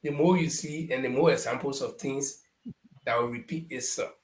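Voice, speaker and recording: Middle-aged Liberian male panelist, lively storyteller, echoey room. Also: mid-range voice, normal speed. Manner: animated anecdotes, acting out quoted people. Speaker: panelist on a talk show. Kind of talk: storytelling political commentary.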